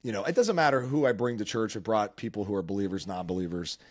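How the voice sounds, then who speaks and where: Guy hosting a podcast, kinda low voice, earnest rambly stories, keeps restarting. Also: fast. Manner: earnest, emotional storytelling with many restarts. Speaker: podcast host. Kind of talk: casual chat.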